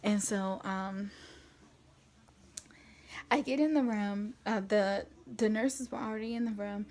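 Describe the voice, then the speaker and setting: A woman vlogger telling a personal story in a chatty, animated way, with lots of fillers. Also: medium pitch, slow. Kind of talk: storytime vlog.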